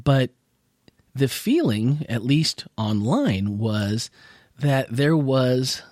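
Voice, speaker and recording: A man's voice: medium pitch, very animated, extremely slow, darkish tone, dry recording, clean studio sound. A man hosting a casual podcast chat, still recovering from losing his voice, rambling and chuckling as he talks. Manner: rambling, self-correcting, chuckles often. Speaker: podcast host.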